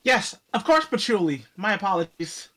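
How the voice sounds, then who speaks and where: A man's voice: on the high side, lively intonation, normal speed, a bit bright. A man reading the part of a nervous woman maid who tries to sound composed. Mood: polite. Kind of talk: casual fan story reading.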